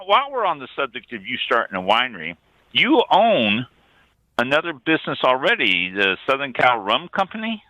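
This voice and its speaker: A man's voice: low-pitched, sharp tone, dry recording, poor audio. A man hosting a wine radio show, asking questions and reacting with short remarks in a casual interview.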